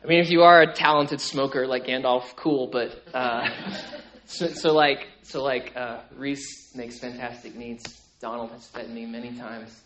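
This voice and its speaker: A man preaching a sermon in a conversational way, with many "right?" tags, moving between loud emphatic stretches and quiet, low asides. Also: fairly even intonation, a little slow, a little hiss or hum, rough recording. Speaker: pastor.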